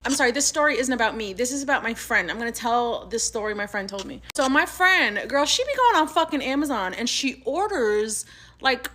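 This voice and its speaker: A woman telling a casual storytime in a fast, profane, gossipy way. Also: fairly high pitch, lively intonation, a bit bright, slight background noise.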